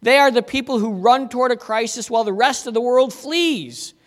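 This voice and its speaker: A man's voice: very high voice, animated, fairly quick. A man preaching a conversational sermon as pastor, telling stories in a folksy way. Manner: folksy storytelling. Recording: long hall reverb.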